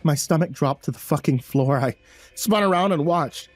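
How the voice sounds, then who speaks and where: A man's voice: fairly high pitch, moderate pace, faint music behind. A man narrating a first-person horror story in a tense, breathless way, stumbling over words now and then.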